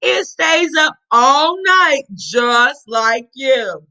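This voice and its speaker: A woman's voice: high voice, lively intonation, drawn-out words, bright, forceful tone, heavily acted. Woman doing a sleepy, firm big brother mouse. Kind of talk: children's storybook read-aloud.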